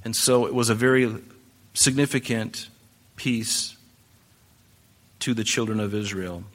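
A male pastor with a bright, forceful voice teaches scripture in a relaxed, conversational sermon. He talks to the congregation directly, tossing in rhetorical questions and quick asides. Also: fairly low pitch.

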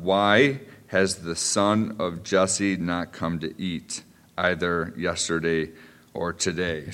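Man, low voice, preaching, chatty with restarts, long hall reverb. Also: a bit bright. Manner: conversational, many restarts and asides. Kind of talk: sermon.

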